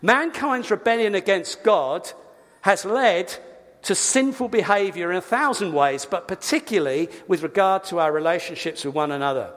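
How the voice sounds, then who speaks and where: A man preaching a sermon, lively, with quick asides and self-corrections. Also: high voice, in a large hall. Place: church.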